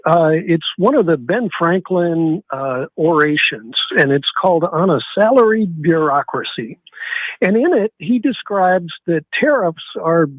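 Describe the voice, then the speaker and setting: A man calls in to a talk radio show and works his way through his point with frequent pauses and fillers. His voice sits slightly high and comes through a narrow, tinny phone line. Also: expressive, dry recording. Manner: halting, many fillers. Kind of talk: phoned-in comment.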